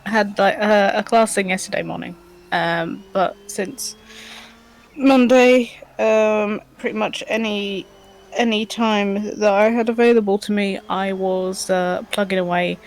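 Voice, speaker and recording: A woman chatting casually on a game livestream, reading out viewer comments, hesitant with lots of ums and giggles. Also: medium pitch. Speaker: livestream co-host.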